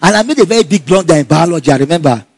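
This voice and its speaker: High-voiced man telling a story. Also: very fast, no echo. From Nigeria. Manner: animated, laughs often, acts out dialogue. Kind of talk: casual personal storytelling.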